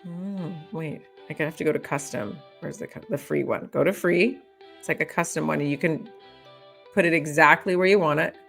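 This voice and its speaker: Female host, lowish voice, lively and chatty, soft music underneath. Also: normal speed, gravelly. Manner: animated, laughs often, thinks aloud while editing. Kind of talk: casual tutorial chat.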